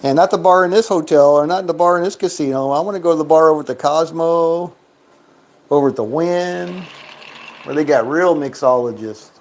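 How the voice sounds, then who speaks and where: A man's voice: a little high, brisk, slight background noise. A man giving casual, joking commentary while playing a craps game, chatting to himself and counting bets and chips aloud.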